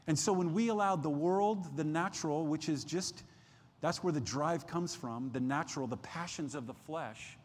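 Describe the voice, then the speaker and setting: Emphatic preaching man in reverberant hall. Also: moderate pace. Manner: emphatic preaching with rising pitch and volume, many restarts. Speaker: pastor. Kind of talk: sermon. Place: church sanctuary.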